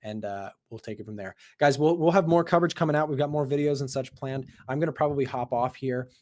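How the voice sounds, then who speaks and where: A man hosts a live market stream in a casual, rambling way, with plenty of fillers and restarts. His voice is hoarse from hours of talking. It sits at a middle pitch. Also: quick pace, darkish tone. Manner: casual, repeats himself, many fillers. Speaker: host of a live trading stream.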